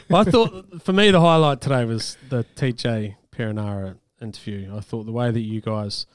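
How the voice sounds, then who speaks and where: A man's voice: medium pitch, moderate pace, few pauses, slight background noise. A man with a New Zealand accent co-hosting breakfast radio, chatting casually and laughing often. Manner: chatty, laughs often, warm praise for guests. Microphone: studio mic, dry.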